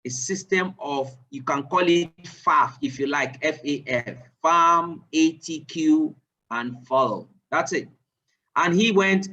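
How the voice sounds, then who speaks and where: A man leading a live online sales training, quizzing his listeners with repeated questions and rising with excitement. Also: measured pace, distant mic, highs cut off. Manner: animated, rising pitch when excited.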